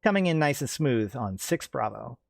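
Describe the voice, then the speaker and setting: A man's voice: mid-range voice, animated, moderate pace, vocal fry, no room sound, clean studio sound. Man voicing a tense dropship captain. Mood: controlled. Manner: urgent, clipped radio calls.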